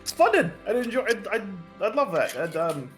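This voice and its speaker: A man's voice: a little high, sing-song, moderate pace, fairly bright tone, soft background music, voice pushed up. A man voicing a flustered, overly polite male knight who talks in a courtly, fussy, apologetic way. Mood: delighted.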